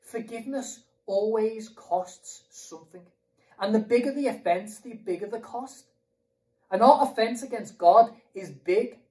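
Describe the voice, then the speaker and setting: A man's voice: high-pitched, warm tone, recorded from a distance, low-quality recording. British man preaching, a bit off mic. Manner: conversational, with repetitions and rhetorical questions. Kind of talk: sermon.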